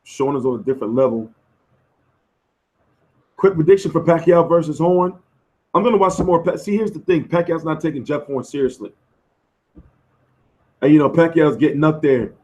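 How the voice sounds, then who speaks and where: Hoarse man chatting boxing on a stream. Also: on the high side, normal speed, long pauses, darkish tone. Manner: loose, profane, slangy banter answering chat. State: losing his voice. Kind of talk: casual live-stream chat.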